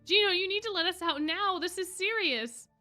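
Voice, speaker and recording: A woman's voice: very high-pitched, lively intonation, moderate pace, pushed and bright, soft background music, voice pushed up, exaggerated voice. A woman reading aloud as an urgent robot boy, speaking in a commanding, panicked way.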